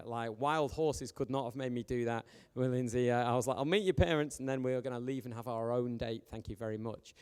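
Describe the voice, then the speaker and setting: Chatty young preacher in a reverberant hall. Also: male voice, a little high, smooth. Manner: chatty, joking storyteller. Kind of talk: sermon. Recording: long reverb of a church hall.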